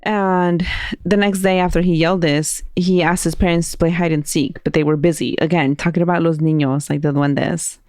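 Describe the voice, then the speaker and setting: A woman hosting a podcast, telling a spooky story in a casual, animated way and acting out the voices of people in it. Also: lowish voice, normal speed, no room sound, studio quality. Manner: animated, laughing, acts out quoted voices.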